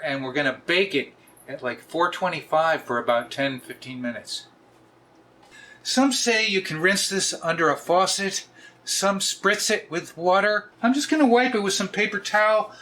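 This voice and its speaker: A man's voice: high-pitched, animated, normal speed, bright, forceful tone. Jokey sixty-something man. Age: 60s. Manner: jokey, often laughs and raises his voice. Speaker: cooking video host. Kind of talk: casual cooking vlog.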